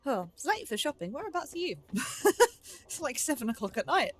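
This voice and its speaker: A woman's voice: on the high side, big pitch swings, moderate pace, fairly bright tone, husky, soft background music. A young woman giving chatty live commentary as she plays a game, talking herself through each move. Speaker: game streamer.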